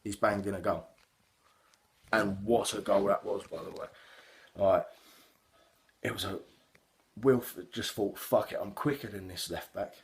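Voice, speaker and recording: Speaking low and unhurried with long pauses, a young man gives an animated, sweary fan reaction to a football match he watched. He rambles with fillers, and faint background noise is present.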